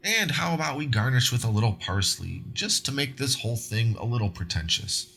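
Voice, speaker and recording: A man's voice: mid-range voice, expressive, fairly quick, gravelly, bright, forceful tone, slight background noise. A man hosting a cooking video, narrating recipe steps in an upbeat, conversational way. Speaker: cooking show host.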